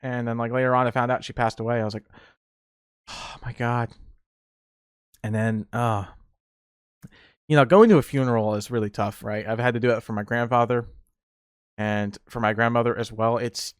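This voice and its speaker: A man's voice: mid-range voice, fairly even intonation, moderate pace, pauses often, smooth, dry recording, studio quality. A young man hosting a casual solo podcast, telling rambling stories with laughter and restarts. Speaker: podcast host.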